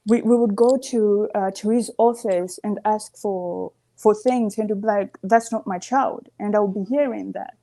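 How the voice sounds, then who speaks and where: A woman's voice: mid-range voice, fairly even intonation, normal speed, hardly any pauses, dark tone. A woman calling in to a live show, earnest and emphatic, often asking "you see". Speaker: caller. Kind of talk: call-in opinion.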